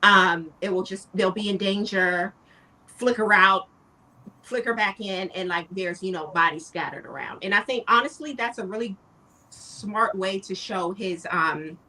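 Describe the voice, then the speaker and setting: Bright-voiced woman recapping casually. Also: mid-range voice, measured pace, far from the mic. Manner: relaxed, recapping with filler and quoted lines. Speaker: podcast co-host. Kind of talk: casual chat.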